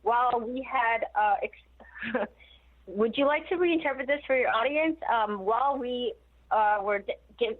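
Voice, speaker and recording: A woman guest telling stories in a casual interview, animated and laughing often. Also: fairly high pitch, unhurried. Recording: tinny phone line.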